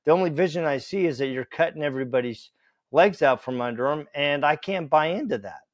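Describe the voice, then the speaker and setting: A man telling a story as a podcast guest, animated, acting out the dialogue and laughing along the way. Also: fairly high pitch, fairly quick, no room sound, studio quality. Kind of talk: casual storytelling.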